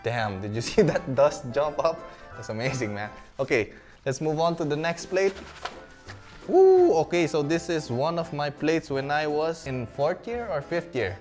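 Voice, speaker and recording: A man's voice: a little high, moderate pace, faint music behind. A young man from the Philippines, casually talking through his old school work, chatty and self-mocking with frequent laughs. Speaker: vlogger.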